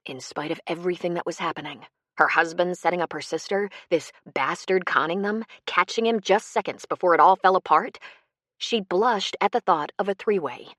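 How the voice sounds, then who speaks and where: A woman's voice: on the low side, normal speed, fairly bright tone, no room sound, clean studio sound. A woman narrating a tense audiobook in a dramatic storytelling manner. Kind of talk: scripted narration.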